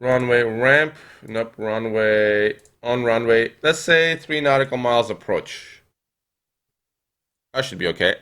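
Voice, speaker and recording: A young man streaming a flight game, chatting with viewers and thinking aloud with lots of fillers, now and then breaking into excited yells. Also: medium pitch, slow pace, clear, resonant tone. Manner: reads and answers viewer chat while playing. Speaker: gaming streamer. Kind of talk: live gameplay commentary.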